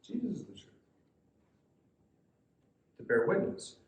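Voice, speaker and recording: A man's voice: high-pitched, wildly swooping pitch, takes it slowly, a little mellow. A man leading a youth Bible study, reading scripture aloud and explaining it in a conversational way. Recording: echoey room.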